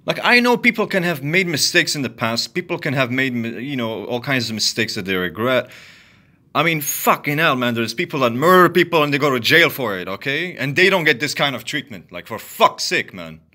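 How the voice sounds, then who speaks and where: Animated, bright-voiced man ranting. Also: fairly quick. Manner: heated, profane, repetitive venting; swings from loud outbursts to low muttering. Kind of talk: angry solo rant to camera.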